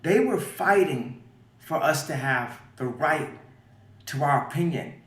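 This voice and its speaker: A man being interviewed, talking emphatically and swinging between quiet and loud. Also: fairly high pitch, lively intonation, a little slow. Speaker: interview guest. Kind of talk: animated interview talk. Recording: roomy audio from far off.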